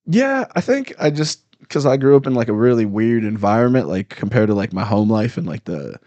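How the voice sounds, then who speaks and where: Dude on a live podcast, talks loose and animated, middle pitch. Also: male voice, a little fast, muffled recording. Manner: animated storyteller, laughs often. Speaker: comedian guest. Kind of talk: casual podcast chat. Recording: live stream, studio mic.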